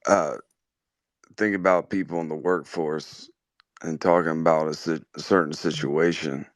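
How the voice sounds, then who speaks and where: A man's voice: very deep voice, steady tone, normal speed, dry recording. A male caller from Detroit, challenging the host in a hesitant, mumbling way.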